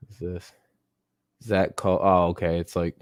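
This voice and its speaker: A young male streamer talking loosely to his viewers, his voice sitting a little low. He rambles and swears freely, chuckling between thoughts. The sound is dry and close, with no room around it. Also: no echo. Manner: rambling, profane, laughs often, talks to chat. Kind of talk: casual live-stream chat.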